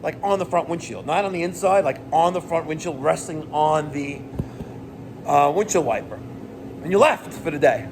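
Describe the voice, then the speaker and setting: A man's voice: fairly high pitch, moderate pace, background noise. Profane New man ranting. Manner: animated, profane, exasperated ranting. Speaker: plumbing business owner. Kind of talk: rant vlog to camera.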